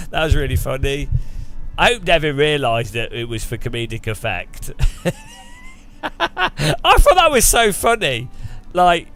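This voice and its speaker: A man's voice: medium pitch, pushed and bright. A man streaming a racing sim, chatting casually and ranting with frequent laughter. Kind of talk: casual live-stream chat.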